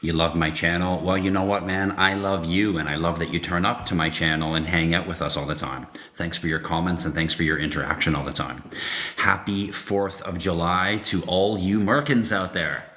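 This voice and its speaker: A man's voice: low-pitched, fairly even intonation, moderate pace, sharp tone. A man hosting a casual live stream from home, chatting loosely with viewers, joking and swearing freely, picked up without a proper microphone. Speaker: livestream host. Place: echoey room at home, kitchen. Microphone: no proper microphone, device mic. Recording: echoey room, faint noise.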